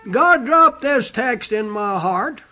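A man preaching a sermon, quoting scripture with emphatic, drawn-out stress on single words. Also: extremely high pitch, lively intonation, sharp tone. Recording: dull lo-fi recording.

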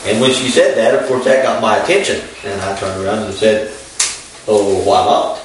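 A man, preaching as he tells a personal story in a folksy, unhurried way with many fillers. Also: fairly low pitch, slight background noise. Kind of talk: storytelling sermon. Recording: echoey, far from the mic.

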